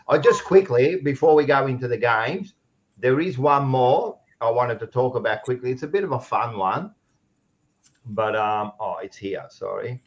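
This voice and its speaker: A man's voice: medium pitch, expressive, normal speed, lo-fi sound. An Australian man hosting a casual sports podcast, rambling and blunt, often restarting his sentences. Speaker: podcast host.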